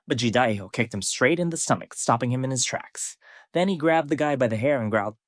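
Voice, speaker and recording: A man in scripted narration, retelling a comic story in an even, matter-of-fact way. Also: mid-range voice, fairly quick, dry recording, clean studio sound.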